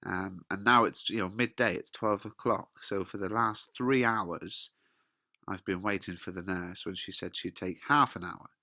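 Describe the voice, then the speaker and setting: A British man teaching, reading quoted lines with lively emphasis and then explaining them in casual words. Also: low voice, normal speed, dry recording, studio quality. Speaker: English teacher. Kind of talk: explaining a play line by line.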